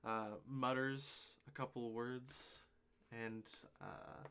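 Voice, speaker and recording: A man narrating as game master of a tabletop game, pausing often with ums and uhs. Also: mid-range voice, steady tone, vocal fry, fairly bright tone, slight background noise. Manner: hesitant, lots of ums and uhs.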